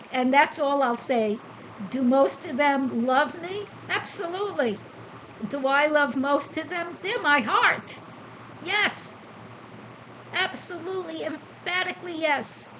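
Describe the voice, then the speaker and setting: A woman's voice: high voice, a little hiss or hum, low-quality recording. A woman hosting a spiritual podcast, talking casually and asking herself questions before answering them. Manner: chatty, rhetorical questions and answers. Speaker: podcast host. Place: Costa Rica.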